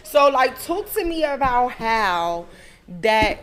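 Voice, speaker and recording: A woman's voice: on the high side, very animated, slow pace, fairly bright tone. Blunt New York woman telling stories. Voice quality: blunt, streetwise, profane storyteller. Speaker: podcast host. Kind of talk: casual chat.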